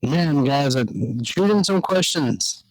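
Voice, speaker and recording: A man hosting a podcast outdoors, chatting casually and planning things out loud with filler words. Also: fairly high pitch, lively intonation, slow, no echo, rough recording. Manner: laid-back, plans aloud with filler words. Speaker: podcast host. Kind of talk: casual chat.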